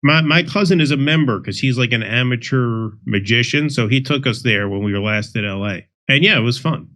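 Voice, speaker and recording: A man's voice: medium pitch, brisk, bright, forceful tone. A man chatting casually as a guest, upbeat and full of "like" fillers. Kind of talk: casual chat.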